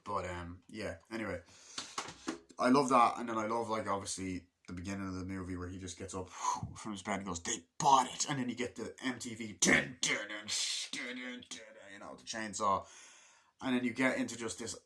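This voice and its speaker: A man's voice: lowish voice, fairly quick, sharp tone, a little hiss or hum. A man giving a casual movie review, rambling through scenes, swearing a lot and acting out moments as he goes.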